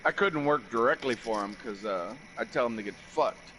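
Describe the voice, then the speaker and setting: A man's voice: medium pitch, lively intonation, moderate pace, a bit bright, slight background noise, poor audio. A man in casual chat, angrily recounting a story with lots of swearing and repeating himself as he quotes what he said. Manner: profane, heated, repeats "I said" while quoting himself.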